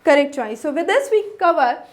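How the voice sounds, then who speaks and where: A woman's voice: sits high, expressive, a little fast. A woman tutor explaining exam answers in a methodical way, with an Indian English accent, going through each question step by step.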